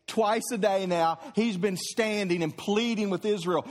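A male preacher tells the story vividly in a high voice, throwing in sound effects. His sermon rings out with a long hall reverb. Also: measured pace, few pauses. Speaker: pastor.

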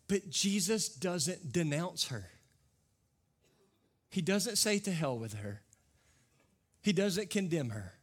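A man's voice: fairly high pitch, a bit bright. A man pastor preaching a conversational sermon to his congregation. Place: church service with a congregation.

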